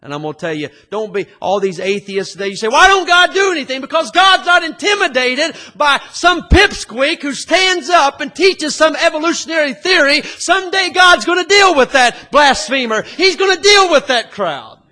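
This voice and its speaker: High, bright-voiced preacher. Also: male voice, expressive, moderate pace, few pauses. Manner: folksy storytelling that rises to fiery shouting. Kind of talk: sermon.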